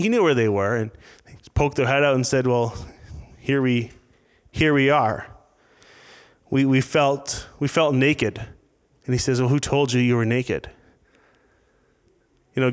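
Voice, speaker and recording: A man's voice: medium pitch, fairly bright tone, clean tone. Man preaching in a reverberant church hall. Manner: conversational preaching with frequent restarts and acted quotes. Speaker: pastor. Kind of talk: sermon.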